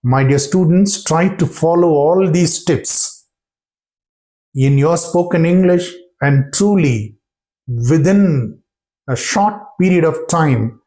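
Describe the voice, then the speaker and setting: A man teaching a spoken-English lesson to his students, talking deliberately and often checking in with short questions and praise. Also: on the high side, warm tone.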